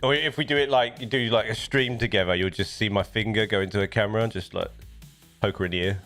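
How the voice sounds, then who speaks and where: A man's voice: fairly low pitch, fast, a bit bright, soft background music. A man with a British accent chatting casually on a live stream, rambling and often restarting his sentences. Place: home desk setup.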